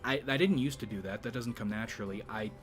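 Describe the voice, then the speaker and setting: Man in a deliberately lowered voice. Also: a bit bright, soft background music. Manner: deliberately low, vibrato-tinged speaking register; rambling, with frequent restarts and profanity. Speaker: YouTube channel host. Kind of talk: casual monologue.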